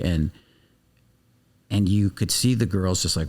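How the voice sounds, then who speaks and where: A man's voice: fairly low pitch, a little slow, gravelly, pauses often, a little mellow. A man speaking as a guest coach on a podcast, talking intensely, swearing freely and acting out little scenes of dialogue. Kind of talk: animated podcast interview talk.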